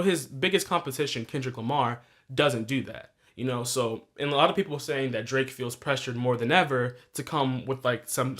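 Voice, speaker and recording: A young podcast host's mid-range voice, a bit bright, carries a casual solo review of new music. He swears freely, speaks loosely, backs up to correct himself a lot, and laughs at his own points.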